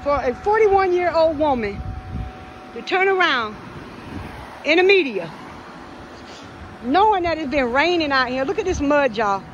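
Brief: high-voiced woman, blunt, mocking vlog commentary, phone recording by a road. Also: lively intonation, a little slow, pauses often, dull audio. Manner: blunt, teasing, profane. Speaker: vlogger filming a roadside scene. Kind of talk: casual running commentary. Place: outdoors by a road in traffic. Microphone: phone camera. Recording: phone audio with road noise. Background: passing traffic.

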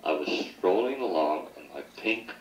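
A man's voice: low voice, animated, normal speed, a little mellow. A middle-aged man telling joking, teasing stories as the son at a family party. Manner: joking, teasing, laughs at his own stories. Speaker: son giving a toast. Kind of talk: rambling anecdotes at a family party. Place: party room at an anniversary celebration. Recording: echoey 1980s home video from far off.

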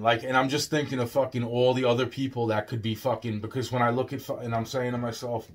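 A man delivering a rambling, profane monologue that swings between loud outbursts and low muttering. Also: little pitch movement, fast, few pauses.

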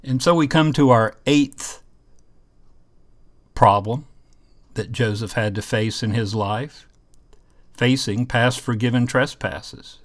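An earnest man leads a Bible class, reading scripture aloud and explaining it. His voice sits at an ordinary middle pitch and is recorded dry and close, with no room sound. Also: slow pace, pauses often, dry recording.

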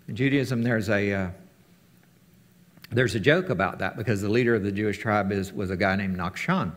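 A man teaching a casual sermon to his fellowship, talking conversationally and acting out the quotes he tells. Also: normal speed. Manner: conversational, acts out quotes with big pitch jumps.

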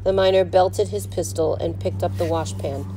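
A teacher reading a children's novel aloud at home, in steady storybook narration. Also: female voice, on the low side, moderate pace, background noise. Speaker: fourth grade teacher.

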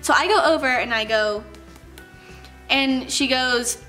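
A young woman vlogger tells work stories to her camera in a chatty, casual way, full of "like" and acted-out quotes. Her voice is high, pushed and bright, and she's unhurried, pausing often. Faint music plays behind her.

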